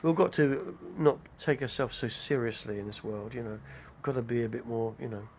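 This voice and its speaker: Older guy, gravelly voice, rambling live-stream host. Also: medium pitch, fairly quick, a little hiss or hum. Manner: chatty, digressive, name-dropping. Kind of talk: rambling casual monologue.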